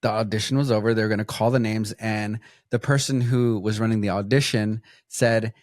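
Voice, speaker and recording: Chatty podcast co-host who laughs a lot. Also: male voice, lowish voice, fairly even intonation, brisk, darkish tone, no room sound, clean studio sound. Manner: laughs often while telling stories. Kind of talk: casual chat.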